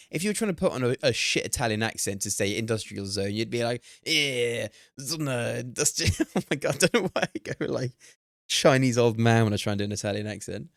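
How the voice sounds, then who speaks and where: A young man streaming a game, talking excitedly, swearing and laughing at himself. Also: medium pitch, no echo, clean studio sound. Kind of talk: live-stream gameplay commentary.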